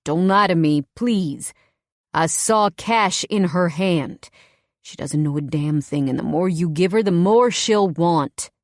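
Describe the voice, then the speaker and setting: A woman's voice: lowish voice, normal speed, no room sound, clean studio sound, natural voice. A woman reading the part of an angry, protective young man who growls curt warnings in an audiobook. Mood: angry, stern.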